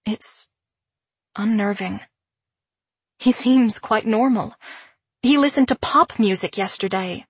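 Slightly husky woman reading a story. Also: mid-range voice, no echo. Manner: measured, introspective reading. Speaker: audiobook narrator. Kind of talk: first-person audiobook narration.

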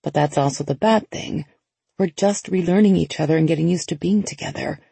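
Gravelly, husky woman reading a novel. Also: sits low, fairly quick, no room sound. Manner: lively, conversational inner monologue. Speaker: audiobook narrator. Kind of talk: first-person novel narration.

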